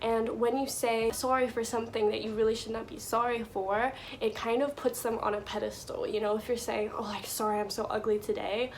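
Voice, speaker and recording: A woman's voice: on the high side, slight background noise. A young woman giving casual life advice to her viewers, chatty and full of "like" and "you know".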